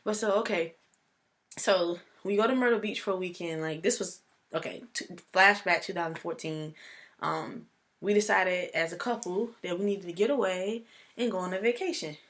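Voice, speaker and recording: A young woman vlogging casually, telling a personal story in a chatty, animated way. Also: lowish voice, moderate pace.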